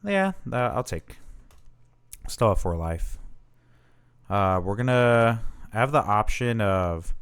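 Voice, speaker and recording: A man's voice: lowish voice, animated, slow, pauses often, clean tone. A man hosting his channel, casually commenting on his own card game match and thinking aloud with fillers and self-corrections.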